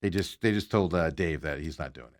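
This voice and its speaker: A man hosting a talk show, telling stories in a casual, animated way and ranting with exasperation. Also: extremely low pitch, brisk. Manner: animated storytelling, exasperated rants. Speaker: radio show host. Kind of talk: casual chat.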